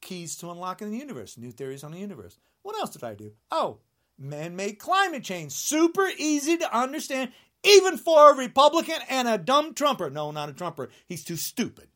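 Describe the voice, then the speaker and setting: A man in his sixties delivering an angry rant to camera, indignant and sarcastic, swinging between shouted jabs and low muttering. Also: very animated, fairly quick. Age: 60s. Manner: mocking sarcasm. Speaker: vlogger.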